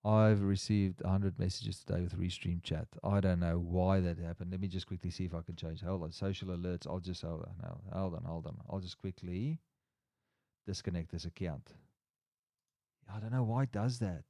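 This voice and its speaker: A man's voice: sits low, fairly even intonation, normal speed, creaky, dark tone, no echo, studio quality. A man hosting a casual livestream chat, rambling and restarting his sentences as he reads the chat aloud. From Australia. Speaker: livestream host.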